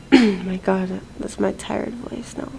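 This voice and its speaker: A woman's voice: mid-range voice, fairly even intonation, takes it slowly, creaky, a little mellow, a little hiss or hum, low-quality recording. A woman from Jamaica talking casually to her camera in an airport terminal, chatty and full of fillers. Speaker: vlogger.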